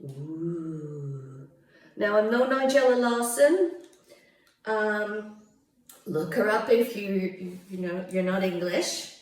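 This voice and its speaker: In her home kitchen, a Canadian home cook talks slowly at a medium pitch, wandering casually off topic and laughing often during a cooking video. The mic is far away and the room is very echoey.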